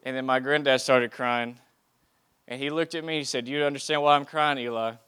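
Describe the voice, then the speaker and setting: A man's voice: medium pitch, fairly even intonation, brisk, fairly bright tone, clean tone. A young man giving a heartfelt sermon, reading scripture aloud and speaking earnestly, often restarting his phrases. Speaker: preacher.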